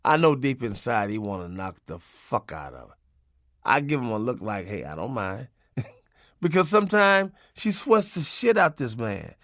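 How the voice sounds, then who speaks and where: A man's voice: mid-range voice, sing-song, normal speed, a bit bright, dry recording, clean studio sound. A man narrating a comic memoir in a loose, profane, conversational way, laughing as he goes. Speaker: audiobook narrator.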